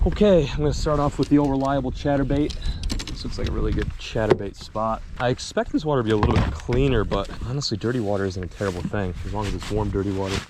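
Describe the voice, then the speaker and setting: A young man vlogging while fishing from a boat on a small lake, excitable and self-mocking, swearing often. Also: on the low side, fast. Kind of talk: casual vlog talk to camera. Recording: outdoor wind and engine noise.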